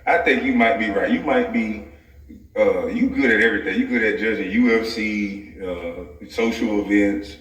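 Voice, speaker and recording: Vlogging straight to camera from a home office, a man delivers a profane comic rant in a lowish, slightly bright voice at normal speed. He's loose and often laughs mid-sentence. The room is echoey, and his voice sounds distant, set back from the mic.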